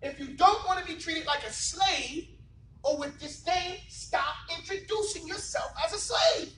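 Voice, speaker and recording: A man's voice: very high voice, unhurried, fairly bright tone. A man, an Islamic teacher, giving an emphatic classroom lecture and keeping his students engaged with rhetorical questions. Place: classroom, indoors. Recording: echoey room from far off, faint noise.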